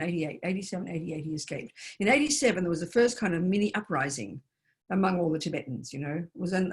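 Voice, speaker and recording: An older woman, a Buddhist nun, giving an emphatic dharma talk full of rhetorical questions. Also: on the low side. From Australia.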